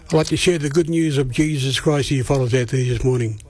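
A man's voice: medium pitch, fast, a little mellow, husky, no echo. A man giving an earnest, plain-spoken gospel message on the radio, often repeating himself. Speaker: radio preacher.

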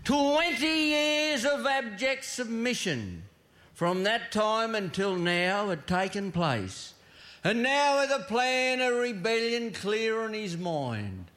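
A man recites a comic rhyming poem in a storytelling manner. His voice sits high and moves through a lively range of pitch. He draws every line out very slowly. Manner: storytelling, drawn-out delivery.

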